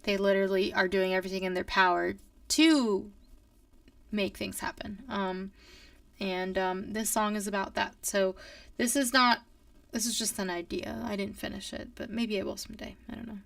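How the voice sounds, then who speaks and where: A woman's voice: mid-range voice, steady tone, moderate pace, vocal fry, dry recording, recorded from a distance. A young woman, a singer-songwriter, chatting casually with her livestream viewers, rambling with lots of fillers.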